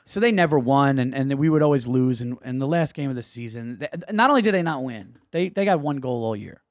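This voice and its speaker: Fast-talking man telling a story. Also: mid-range voice, no room sound, studio quality. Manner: animated, profane anecdote telling. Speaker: podcast guest. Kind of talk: casual storytelling.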